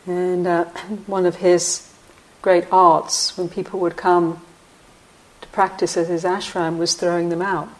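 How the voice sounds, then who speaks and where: Reflective woman giving a slow dharma talk. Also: fairly low pitch, flat delivery, rough recording. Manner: slow, reflective, with frequent pauses. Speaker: meditation teacher.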